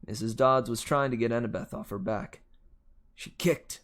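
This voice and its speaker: A man reading a novel aloud, with steady first-person narration. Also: medium pitch, fairly quick. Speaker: audiobook reader.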